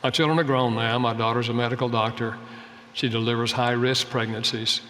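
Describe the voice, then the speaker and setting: A man's voice: mid-range voice, fairly even intonation, a little fast, sharp tone, in a large hall, slight background noise. An older man giving an earnest, folksy sermon-style talk about family life, telling stories from his own home. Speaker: speaker on family and marriage.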